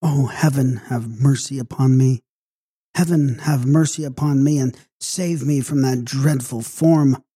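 A woman's voice: very deep voice, slow pace, warm tone, husky, no echo, heavily acted. A man reading a horror audiobook, voicing a terrified young woman who pleads in trembling cries. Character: terrified young woman after a vampire attack. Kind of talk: audiobook character voice.

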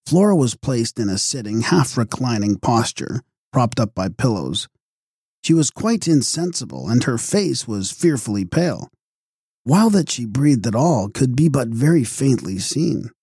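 A man narrating a gothic horror audiobook in a measured, dramatic way. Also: medium pitch, animated, darkish tone, husky, no echo, clean studio sound. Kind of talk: scripted narration.

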